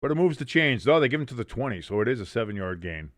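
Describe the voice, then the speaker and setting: A man's voice: mid-range voice, big pitch swings, fast, no echo, studio quality. A man hosting a live watch-along stream, calling plays as commentary, reading chat comments, correcting himself and cracking jokes. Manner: jokey, self-correcting, reads chat aloud.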